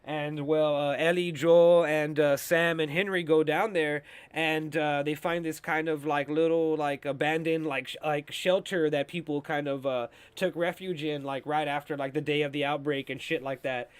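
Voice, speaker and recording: A man's voice: fairly high pitch, fairly even intonation, moderate pace, few pauses, clear, resonant tone, no echo. A young man hosting a show, recapping TV episodes in a loose, rambling, swear-heavy casual style full of fillers. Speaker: show host reviewing TV episodes.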